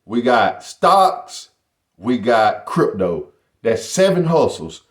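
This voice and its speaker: A man's voice: mid-range voice, very animated, slow, reverberant. A middle-aged man talking casually to his viewers in a boastful, motivational vlog style. He keeps calling them "y'all.". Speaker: YouTuber.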